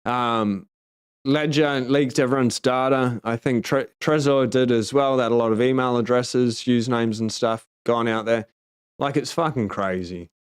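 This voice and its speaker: An Australian man hosts a loose livestream and talks straight to his viewers. He is blunt and emphatic and swears freely. His voice is smooth and resonant at an ordinary middle pitch. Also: moderate pace. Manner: blunt, heavily profane and emphatic. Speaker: livestream host. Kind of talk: casual livestream chat, reading viewer comments.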